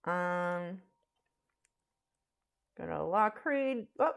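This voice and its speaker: A woman's voice: on the low side, lively intonation, drawn-out words, creaky. A woman chatting casually while teaching a live drawing stream, frank and talkative, with frequent fillers and restarts. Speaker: art instructor streaming live.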